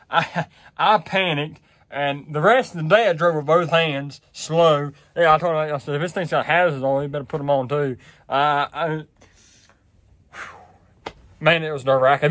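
Chatty man, slightly high voice. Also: a bit bright, no room sound. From West Virginia. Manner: rambling, laughs through the story, self-deprecating. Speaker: vlogger. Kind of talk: casual storytelling. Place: barn out of the wind.

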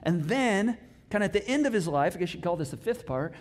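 A middle-aged male pastor giving a casual, conversational sermon, telling the story in an animated way with playful asides and sudden swings in loudness. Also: high-pitched, fairly quick.

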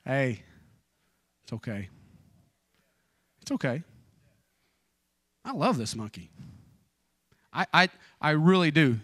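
A man in his forties preaching an evening church sermon, telling personal stories informally with joking asides, and dropping low and fervent in prayer. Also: big pitch swings, takes it slowly, long pauses, fairly bright tone, no echo. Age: 40s.

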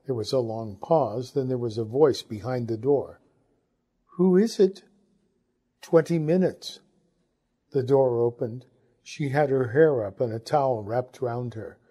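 A man narrating a literary novel as an audiobook, measured and reflective. His voice sits at a middle pitch and sounds mellow and warm, with a husky edge. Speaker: audiobook reader.

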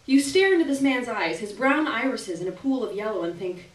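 Expressive woman reading aloud on stage. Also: a little high, a little fast, hardly any pauses. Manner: expressive, dramatic second-person narration. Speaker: reader. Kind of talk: live literary reading. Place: stage in a hall. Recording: echoey hall from far off.

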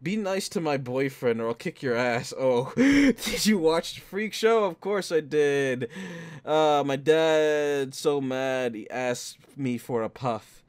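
A man's voice: fairly high pitch, lively intonation, takes it slowly, clean tone. A man doing casual let's-play commentary, reading text messages aloud, laughing often and swearing freely. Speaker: gaming YouTuber.

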